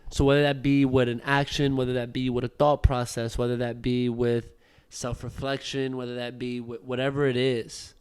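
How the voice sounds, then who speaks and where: A man's voice: medium pitch, level tone, normal speed, darkish tone, clean tone. A man in his twenties co-hosting a casual podcast chat, joking and often repeating words as he restarts. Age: 20s. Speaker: podcast co-host.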